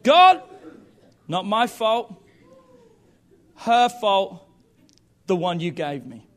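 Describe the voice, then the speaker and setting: A man in his thirties voicing Adam, the first man, who indignantly blames his wife in a high, shouted protest. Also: animated, normal speed. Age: 30s.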